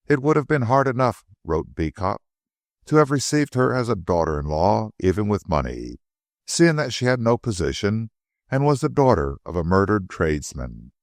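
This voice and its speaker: A man narrating a classic mystery novel as an audiobook in an expressive storytelling manner. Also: fairly low pitch, no room sound, studio quality.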